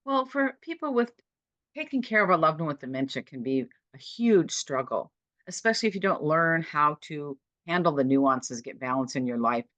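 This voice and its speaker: A woman's voice: sits low, lively intonation, normal speed, fairly bright tone, no room sound, muffled recording. Woman in her 60s, podcast guest, dramatic storyteller, dry close sound. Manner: vivid, dramatic retelling with short punchy sentences. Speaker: guest, dementia caregiver. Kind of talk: personal storytelling.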